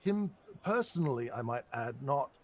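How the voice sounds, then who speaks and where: A man's voice: mid-range voice, animated, normal speed. A man speaking in character in a tabletop game, hesitant and stammering. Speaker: player.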